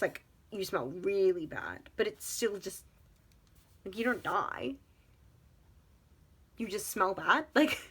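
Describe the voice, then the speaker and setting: A woman's voice: mid-range voice, a bit bright, slight background noise. A young woman chatting casually to camera, rambling and incredulous, with laughing asides. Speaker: vlogger.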